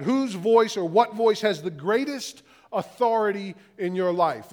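High-voiced male pastor in a hall. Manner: questions repeated in a slow, building list. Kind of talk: sermon.

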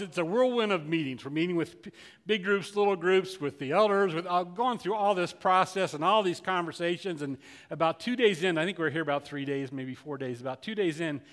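Older man preaching, folksy storyteller, slightly high voice, long hall reverb. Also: a bit bright. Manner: folksy, conversational, many restarts. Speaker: pastor. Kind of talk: sermon storytelling.

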